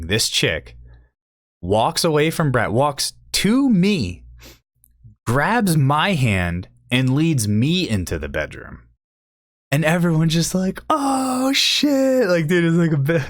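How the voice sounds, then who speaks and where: A young man with a somewhat low voice hosts a podcast and tells a raunchy story in loose, profane casual talk. He jumps into high, excited voices when he quotes his friends. The sound is close and dry, with no room around it. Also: no echo. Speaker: podcast host.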